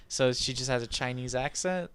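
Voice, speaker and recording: A man's voice: medium pitch, measured pace, a bit bright, clean tone. A young man co-hosting a casual podcast chat, teasing his friend, laughing often and swearing freely. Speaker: podcast co-host.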